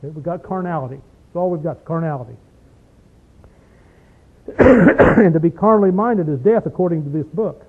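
A man with a notably high voice preaches in a folksy, emphatic way. He peppers the sermon with rhetorical questions and drags out key words of scripture. The sound is thin and phone-like, as on an old radio broadcast. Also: lively intonation, slightly rough. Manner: slows down to stress verses.

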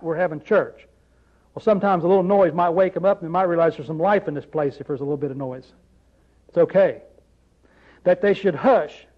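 A man's voice: high voice, lo-fi sound. A man preaching a sermon in a conversational way, often asking the congregation rhetorical questions.

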